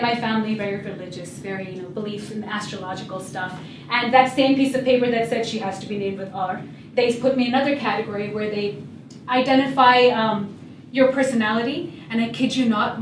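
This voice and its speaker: A young woman in a storytelling talk speaks with a high, bright-pitched voice and a humorous, lively delivery. She sounds set back from the mic in an echoey hall, with faint room ambience behind her. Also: recorded from a distance, slight background noise. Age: young adult. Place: event hall.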